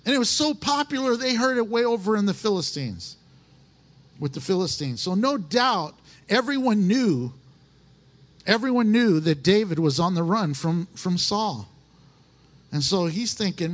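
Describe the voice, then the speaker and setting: Male pastor, sermon delivery, high and expressive, animated and playful. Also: a little slow. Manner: animated, acts out little voices, laughs, restarts often.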